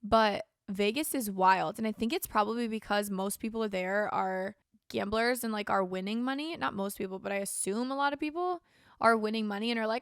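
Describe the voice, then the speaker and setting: A young woman hosts a casual solo podcast in clean studio sound with no room echo. Her mid-range voice is slightly bright and smooth, with fairly even intonation and a moderate pace. She's tired, yawning, and has a sore throat, rambling along with plenty of "like" and "um."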